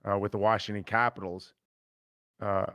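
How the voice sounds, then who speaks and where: A man's voice: fairly low pitch, flat delivery, normal speed, a bit bright, no room sound. A man hosting a casual sports podcast, drawing stories out of his guest with easygoing questions. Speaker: podcast host.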